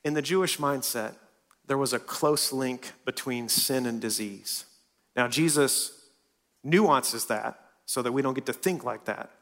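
A man preaching a sermon in a church, swinging from loud and lively to hushed and soft. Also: medium pitch, unhurried. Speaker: pastor.

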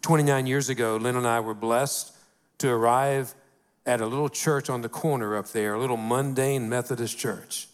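A middle-aged man, preaching a conversational sermon in a folksy way, often saying "you know" and slowing down to stress key phrases. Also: medium pitch, steady tone, clear, resonant tone. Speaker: pastor.

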